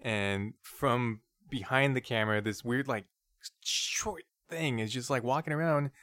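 A man's voice: mid-range voice, a little slow, a bit bright, dry recording, clean studio sound. A man co-hosting a podcast, chatting loosely with trailing asides. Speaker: podcast host. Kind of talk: casual chat.

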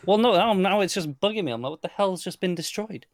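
A man's voice: high voice, lively intonation, fast, no room sound. A man co-hosting a casual podcast, chiming in with dry teasing remarks. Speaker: podcast co-host. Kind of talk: casual chat.

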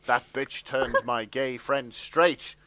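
Deadpan man reading comic fanfic. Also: medium pitch, slow, crowd noise. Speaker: narrator.

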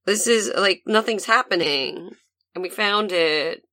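A woman playing a tabletop game who talks quickly and apologetically, with many yeahs. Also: mid-range voice, pushed and bright, no room sound, clean studio sound. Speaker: player. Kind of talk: tabletop role-play chat.

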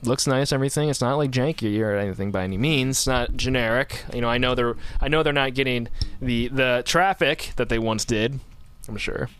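Smooth-voiced rambling male podcast host. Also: medium pitch, a little fast, few pauses, a bit bright. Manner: rambling, self-correcting storyteller. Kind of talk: casual chat.

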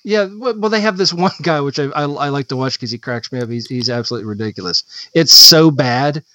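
A man rambles through casual podcast chat, groping for words as he goes. His voice is bright and forward, while the recording is dry and somewhat dull. It sounds like lo-fi podcast audio. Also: medium pitch, a little fast, no echo. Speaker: podcast co-host.

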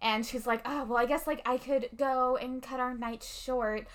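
Young female co-host, bright tone, casual recap, lots of fillers and laughter. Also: sits high, fairly even intonation. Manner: laughs often, quick reactions, many fillers. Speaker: podcast co-host recapping a film. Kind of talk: casual chat.

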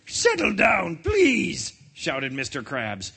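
A man voicing a gruff male crab restaurant owner in an overwrought, pirate-like growl, read aloud from a storybook. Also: sits high, huge pitch swings, a little slow, fairly bright tone, heavily acted. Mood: pleading.

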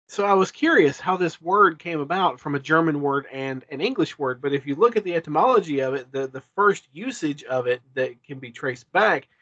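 A man's voice: fairly high pitch, dry recording. A man talks loosely on a podcast, circling back on himself with plenty of ums and restarts. The sound is a bit dull and lo-fi, and very dry, with no room around it. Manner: rambling, many fillers and restarts. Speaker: podcast co-host. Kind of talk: casual chat.

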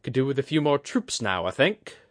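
A man voicing a blunt, rough-spoken mantis woman who captains a ship, with coarse, slangy, wry speech. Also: medium pitch, very animated, fairly quick, fairly bright tone, no echo, studio quality, pitched above the performer's own voice.

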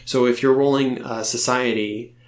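A man running a tabletop game as game master, teasing his players and halting often with fillers. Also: mid-range voice, steady tone. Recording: roomy echo.

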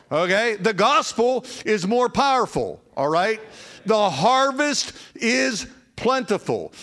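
Male pastor preaching at a conference, high voice, animated, gets the crowd to repeat lines. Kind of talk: conference sermon. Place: conference hall.

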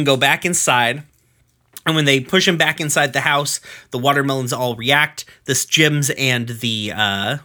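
A man casually recapping a cartoon episode on a podcast, loose and profane, with lots of fillers and quick asides. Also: medium pitch, bright, forceful tone.

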